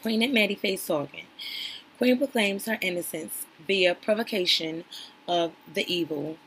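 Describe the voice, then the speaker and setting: A woman's voice: medium pitch, normal speed, a bit bright, a little hiss or hum, low-quality recording. Sassy woman recapping reality TV. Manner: sassy, chatty, addresses viewers as y'all. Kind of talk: casual reaction commentary.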